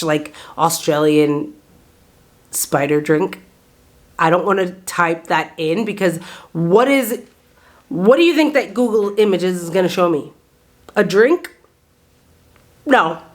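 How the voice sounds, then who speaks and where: A woman in her thirties from Massachusetts, chatting casually to camera in an expressive, rambling way, full of "like" and "okay?". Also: on the low side. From Massachusetts, USA. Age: 30s. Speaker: vlogger. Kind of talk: casual vlog chat.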